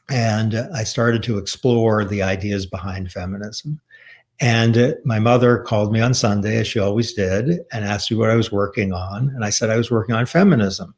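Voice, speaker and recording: Gravelly-voiced man giving a lecture. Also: fairly low pitch, a little mellow. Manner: measured, reflective, earnest. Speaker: author giving a talk. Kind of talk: public lecture with a personal story.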